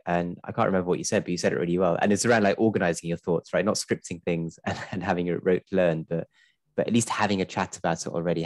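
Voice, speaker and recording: A man's voice: sits low, no room sound. A man hosting a webinar who talks in an upbeat, conversational way and often checks in with "right?". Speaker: host. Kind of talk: casual webinar talk.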